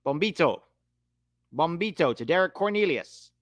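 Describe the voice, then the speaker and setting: A young man calling a match live for a watch-along, animated and quick to swear at the referee. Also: fairly high pitch, no room sound, lo-fi sound. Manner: animated, swears when riled, calls the play.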